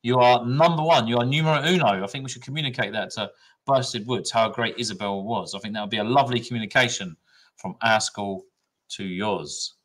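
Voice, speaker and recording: A man's voice: medium pitch, a little fast, fairly bright tone. Jokey history teacher, man. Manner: jokey, enthusiastic. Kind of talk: quiz hosting and casual chat.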